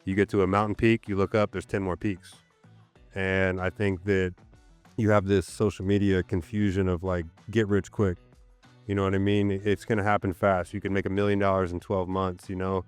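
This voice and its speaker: A man in his thirties speaks in a deep, low register as a podcast guest. His tone is smooth and resonant while he tells a candid story in loose, conversational phrasing. Faint music sits under the talk. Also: normal speed. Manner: candid, animated storyteller with fillers like "so, like". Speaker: podcast guest, gym owner. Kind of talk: storytelling in a casual interview.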